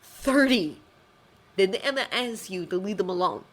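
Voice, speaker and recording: A woman's voice: mid-range voice, animated, normal speed, lightly acted. A woman playing a menacing, mocking vigilante. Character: menacing vigilante cabbie, young man, cold and cruel.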